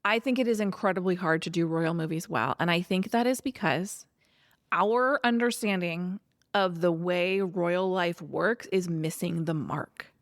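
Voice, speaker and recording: A woman with a fairly low voice speaks at a measured pace in a dry, clean studio recording. She co-hosts a podcast, casually reviewing a movie with opinionated, animated critiques and plenty of asides.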